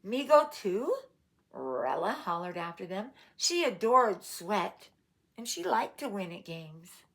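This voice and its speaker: A woman reading a picture book aloud at a slow, unhurried pace. She stops now and then to ask her young listeners playful questions. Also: lowish voice, big pitch swings, creaky, fairly bright tone. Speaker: storyteller. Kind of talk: read-aloud storytime for children.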